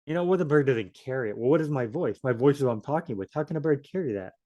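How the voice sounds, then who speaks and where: Man for a relaxed Bible study walkthrough, rambling and joking, average pitch. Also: fast talker, highs cut off. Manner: chatty, thinks aloud, joking asides.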